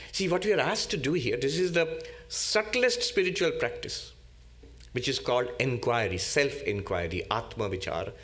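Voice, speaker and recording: A man, a monk, giving a spiritual lecture in a deliberate, teacherly way, repeating key terms. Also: fairly high pitch, fairly bright tone.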